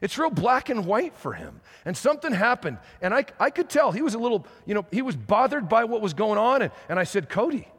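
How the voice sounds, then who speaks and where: Animated preacher in a reverberant hall. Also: male voice, sits high, a little fast, hardly any pauses, husky. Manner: animated storytelling with many restarts. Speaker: pastor. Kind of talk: sermon.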